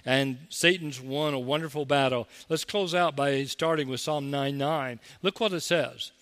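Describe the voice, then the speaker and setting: A man's voice: mid-range voice, unhurried, fairly bright tone, long reverb tail. A man preaching a sermon as pastor, talking conversationally and mocking the people he quotes.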